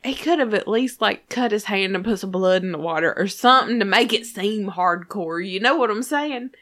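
A woman's voice: mid-range voice, lively intonation, normal speed, a bit bright. A woman co-hosting a casual chat about a TV episode, profane and laughing often. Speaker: podcast co-host.

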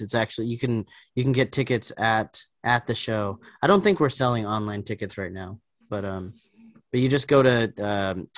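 Comedian guest, mid pitch, dry booth sound, laughs a lot. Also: male voice, a bit bright, no room sound. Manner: joking, laughs often, many fillers. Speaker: stand-up comedian and podcast guest. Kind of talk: casual podcast chat.

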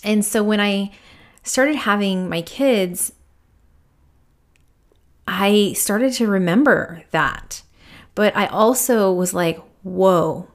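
A woman's voice: mid-range voice, slow pace, long pauses. A woman in her thirties, a podcast host and spiritual medium, telling a personal story in a candid, reflective way with many fillers. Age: 30s.

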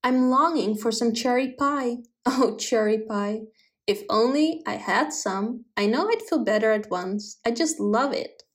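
A woman's voice: on the high side, animated, moderate pace, hardly any pauses, lightly acted. A woman voicing a fussy male hedgehog in a storybook reading, plaintive about his pie. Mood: fretful. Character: fretful male hedgehog, fond of cherry pie.

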